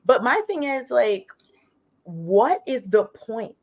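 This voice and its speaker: A woman co-hosting a casual podcast chat, talking in an animated, questioning way and saying "like" often. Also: a little high, takes it slowly. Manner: animated, questioning, many likes. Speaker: co-host.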